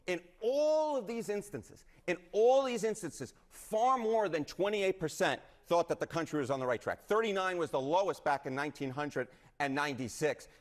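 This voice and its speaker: A male news analyst breaking down poll numbers in a broadcast clip. His voice sits a bit high. He explains step by step and keeps checking in with "right?". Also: animated, normal speed. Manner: explanatory, tags points with "right?".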